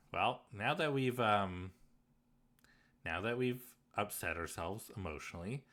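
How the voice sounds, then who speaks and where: A man's voice: fairly low pitch, expressive, takes it slowly, fairly bright tone. A man streaming a game live, reacting emotionally and laughing often as he comments on the story. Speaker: let's play streamer.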